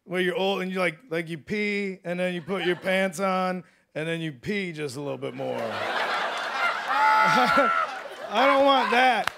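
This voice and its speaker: A man in his late thirties doing a rambling, self-deprecating stand-up set on a studio stage, swinging between loud bursts and mumbled asides. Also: sits high, expressive, a little slow, creaky, heavy background noise. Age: 30s. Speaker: stand-up comedian. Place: television studio stage with live audience.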